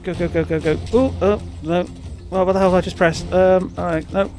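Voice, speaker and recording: Excitable man commentating gameplay. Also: sits high, a little fast, soft background music. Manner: excitable, rambling, frequent fillers and chanting. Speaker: gaming YouTuber.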